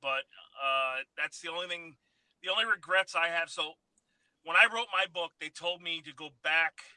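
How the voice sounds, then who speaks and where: A male podcast guest telling his stories in an easy, low-key way. His voice is very bright and a bit higher than most men's. The sound is close and dry. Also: normal speed, clean tone, dry recording, rough recording. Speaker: podcast guest, former wrestler, author. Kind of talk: casual interview chat.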